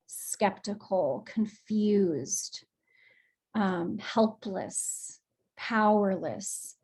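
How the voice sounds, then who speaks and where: Slow, gentle woman guiding a group. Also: mid-range voice, slightly rough. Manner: gentle, affectionate, encouraging. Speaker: group session facilitator. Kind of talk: guided emotional release session. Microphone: video call.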